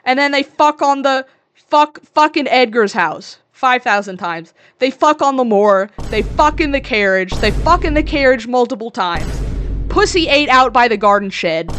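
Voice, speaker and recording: A woman's voice: a little high, fairly bright tone. A young woman in her twenties co-hosting a podcast, recapping a movie in a crude, sarcastic rant full of swearing. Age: 20s. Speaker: podcast co-host. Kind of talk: casual ranting movie recap.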